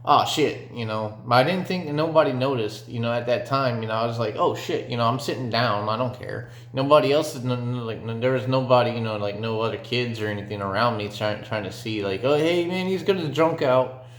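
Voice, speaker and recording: A man's voice: mid-range voice, steady tone, fast, hardly any pauses, fairly bright tone. A young man telling a story from his own life in a casual, rambling way, with lots of fillers and swearing. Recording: echoey room.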